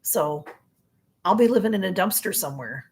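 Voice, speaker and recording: A middle-aged woman with a Chicago accent hosts a live stream in a casual, rambling chat, reading out viewer comments, her voice going a little hoarse. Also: medium pitch, lively intonation, moderate pace, darkish tone. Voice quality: rambling, chatty, with frequent fillers and restarts. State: voice getting hoarse.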